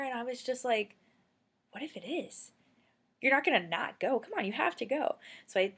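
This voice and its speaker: A young woman telling faith stories in a casual, chatty video blog, excitable and full of fillers, while feeling under the weather. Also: mid-range voice, vocal fry. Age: young adult. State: feeling sick. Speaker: video blogger.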